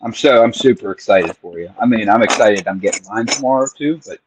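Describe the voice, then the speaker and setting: A man's voice: on the low side, brisk, noisy background. A man co-hosting a live stream on a video call, friendly and welcoming toward guests. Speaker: stream co-host. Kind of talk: casual chat.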